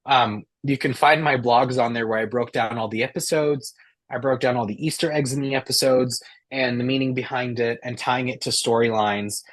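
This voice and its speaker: A man's voice: medium pitch, steady tone, normal speed. A man co-hosting a casual fan podcast, talking enthusiastically with many fillers and restarts. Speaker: podcast co-host.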